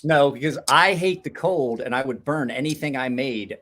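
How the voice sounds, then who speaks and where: A loud man telling rambling, profane stories in a casual chat, recorded in his home garage. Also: mid-range voice, moderate pace. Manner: loud, swears a lot, animated storyteller. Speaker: host.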